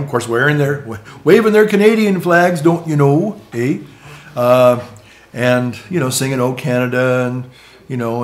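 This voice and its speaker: A man vlogging in a casual, rambling monologue, with halting restarts, asides and chuckles at his own jokes. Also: mid-range voice.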